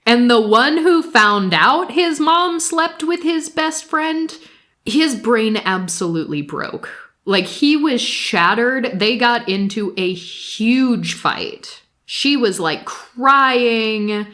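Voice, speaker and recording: A woman's voice: on the high side, animated, takes it slowly, fairly bright tone. A woman co-hosting a podcast, casually recapping reality shows, laughing often and swearing freely. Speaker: podcast co-host.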